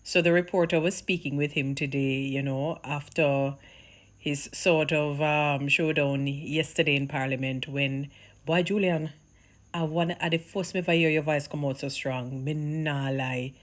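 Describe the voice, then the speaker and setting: A woman from Jamaica with a Jamaican accent, chatting casually to her viewers, animated and laughing, slipping into Patois. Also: deep voice, a little slow. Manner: animated, mixes Patois into chat, laughs often. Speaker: vlogger.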